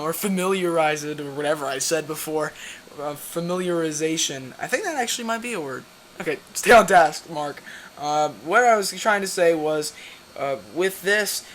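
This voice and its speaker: A man's voice: sits high, bright, forceful tone. A young man hosting his own comic book video, talking casually and rambling, often losing his train of thought and correcting himself.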